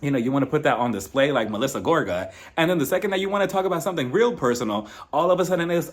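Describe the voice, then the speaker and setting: A young man dishes on a reality show in a lively, mocking recap. His voice sits a little high for a man and swings widely in pitch. He acts out the cast's quotes and laughs between them. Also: very fast, hardly any pauses. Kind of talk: casual opinionated recap.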